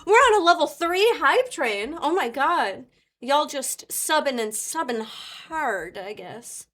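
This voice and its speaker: A woman livestreamer chatting casually and excitably with her viewers, calling out names and swearing freely. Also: high-pitched, slow pace. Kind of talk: casual live-stream chat. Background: faint background music.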